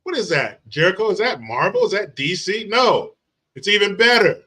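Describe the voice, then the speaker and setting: A man hosting a casual livestream, reading out viewer comments and greeting people by name in an animated, profane way. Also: sits high, moderate pace. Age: adult father of young children. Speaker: livestream host.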